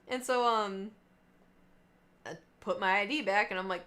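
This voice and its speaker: A woman's voice: medium pitch, normal speed, pauses often. A woman in her late twenties, a live streamer, telling stories in a casual, chatty way with lots of fillers and asides. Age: late 20s. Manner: chatty, animated, many fillers and trailing asides. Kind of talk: casual storytelling chat.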